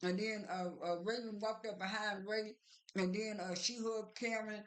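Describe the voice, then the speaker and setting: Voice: medium pitch, steady tone, normal speed, fairly bright tone. Rambling vlogger retelling a show. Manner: rambling, many fillers and restarts; strings events together with "and then". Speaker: vlogger recapping a reality show. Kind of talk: casual retelling monologue.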